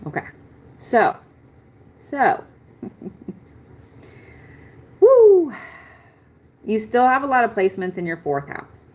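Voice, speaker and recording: A woman giving a live-stream astrology reading in a chatty, excitable way, swearing casually. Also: mid-range voice, a little slow, pauses often. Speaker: astrology reader.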